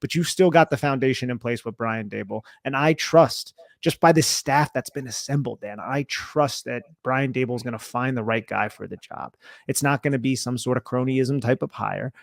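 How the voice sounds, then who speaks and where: A man's voice: mid-range voice, moderate pace, vocal fry, no echo, clean studio sound. A young man co-hosting a casual sports podcast, talking through game film in a conversational way and laughing easily. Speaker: podcast co-host.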